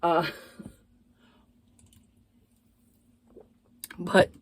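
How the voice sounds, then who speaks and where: A woman's voice: very slow, no room sound. A woman giving a casual book review, blunt and profane, exasperated, with lots of hesitant fillers.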